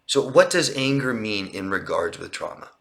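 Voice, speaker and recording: A relationship coach takes viewer questions live, standing outside by a street. His voice leans low, with big pitch swings, vocal fry and a moderate pace. Earnest and explanatory, he keeps repeating and restarting phrases.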